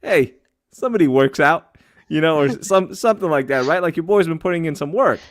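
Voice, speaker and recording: A man co-hosting a podcast, chatting casually and telling a story in an animated, self-mocking way. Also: on the high side, a little fast, no room sound, studio quality. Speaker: podcast co-host. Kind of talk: casual chat.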